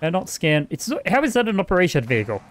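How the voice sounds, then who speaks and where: Fast and high-voiced with big pitch swings, an Australian man does let's-play commentary as a gaming host. He's casual, curses freely, and talks to the game's characters.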